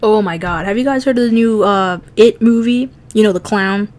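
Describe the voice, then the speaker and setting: A woman's voice: medium pitch, moderate pace, darkish tone. A woman streaming herself drawing, chatting casually, laughing often and swearing freely as she teases herself. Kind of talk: casual chat while drawing.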